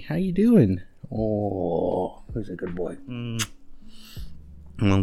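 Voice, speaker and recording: Deep gravelly man, rambling casually. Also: warm tone. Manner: rambling, frequent fillers and restarts; talks in a high cooing baby voice to his dog. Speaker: podcast host. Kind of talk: casual monologue. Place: at home with his dog. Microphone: handheld microphone. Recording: uneven home recording.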